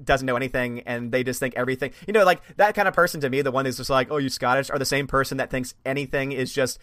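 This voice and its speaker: A man of middle pitch talks quickly and animatedly, with many fillers. His voice sounds close and dry, with no room echo. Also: a bit bright. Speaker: YouTuber host. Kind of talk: casual chat.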